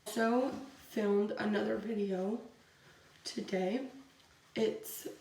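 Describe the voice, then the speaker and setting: A woman's voice: mid-range voice, fairly even intonation, extremely slow, creaky, a little mellow. A young woman vlogging casually while doing her makeup, telling a story in a chatty way and saying "like" a lot. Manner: chatty storytelling, fills with "like" constantly. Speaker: beauty vlogger. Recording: roomy, from a distance, faint hiss.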